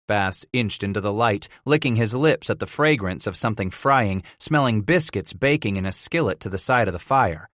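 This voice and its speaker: A man narrating a western audiobook in a measured storytelling manner. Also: fairly low pitch, expressive, a bit bright, dry recording, studio quality. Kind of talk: scripted narration of a western novel.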